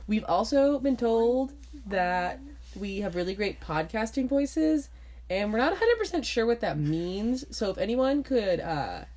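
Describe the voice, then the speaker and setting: A woman's voice: a little high, very animated, measured pace, darkish tone. A woman co-hosting a casual podcast from her bedroom, talking in a sing-songy, giggly, rambling way. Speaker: podcast co-host. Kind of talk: casual chat.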